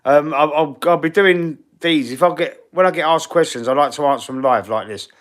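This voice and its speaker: A man from East London with a Cockney accent and husky, wheezy breathing, hosting a casual live-stream Q&A in a blunt, slangy way. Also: fairly high pitch, fairly quick. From East London, England. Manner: blunt, slangy and chatty, calling viewers bro and mate. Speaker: fan channel live streamer.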